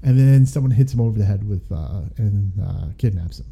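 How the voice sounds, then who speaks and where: A man's voice: fairly low pitch, expressive, fairly quick, gravelly, dark tone, husky. A man co-hosting a podcast, reviewing a film in casual, rambling chat with jokey asides. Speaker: podcast co-host.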